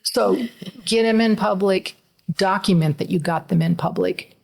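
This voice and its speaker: A woman's voice: medium pitch, unhurried, gravelly, a little mellow. A middle-aged woman, a mother co-hosting a podcast, talking in an earnest, emotional, conversational way. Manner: earnest, emotional, laughs through tears.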